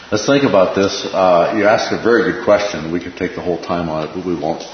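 A man with a lowish voice teaches a relaxed, informal Bible class, often stopping to ask "right?" and repeating key phrases. He is recorded in an echoey room with dull, lo-fi sound and a faint hiss behind him.

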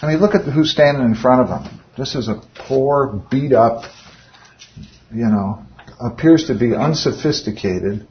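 A man's voice: medium pitch, unhurried, muffled recording. A man leading an informal Bible study, speaking conversationally and often putting rhetorical questions to his listeners.

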